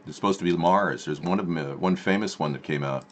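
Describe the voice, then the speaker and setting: A man's voice: sits low, quick pace, slight background noise. A man hosting a political live stream from home, rambling with sarcastic asides and answering chat.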